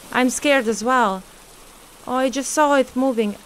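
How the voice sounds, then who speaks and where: Woman gamer, slow nervous commentary, faint rain behind. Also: high-pitched, a little hiss or hum. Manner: talks to the ghost, scared, laughing nervously. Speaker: streamer playing a horror game. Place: at home at her computer.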